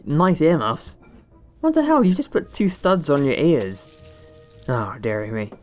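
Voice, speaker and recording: A man gives loose, joking commentary as he plays a game, rambling from one thing to the next and scolding the characters on screen. His voice sits at an ordinary middle pitch. Faint game music runs underneath. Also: animated, unhurried. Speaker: gaming channel host. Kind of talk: casual gameplay commentary.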